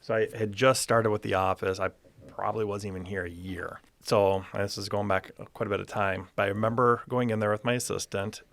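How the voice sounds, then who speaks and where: A man, an optometrist, telling clinic stories on a podcast with animated, excitable energy. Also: fairly low pitch, brisk, creaky. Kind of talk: podcast storytelling. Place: podcast recording room.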